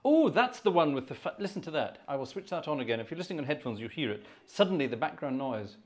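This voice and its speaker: A man's voice: on the high side, very animated, fast talker. A man hosting an organ music livestream, chatting in a rambling, self-mocking way between pieces and a bit out of breath. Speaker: host. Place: home room with a digital organ.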